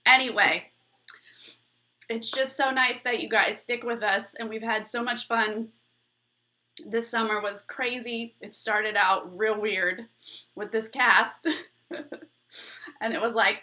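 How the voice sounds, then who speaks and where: Bubbly bright-voiced woman host. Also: a little high, steady tone, slow pace, pauses often. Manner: bubbly and rambling, laughs often. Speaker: livestream host. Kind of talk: casual live chat with viewers.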